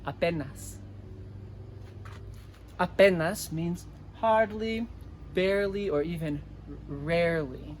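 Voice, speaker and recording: A man teaching a language lesson, repeating each word slowly and clearly so listeners can type it. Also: on the high side, a little hiss or hum. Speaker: Spanish teacher. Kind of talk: slow dictation-style language lesson.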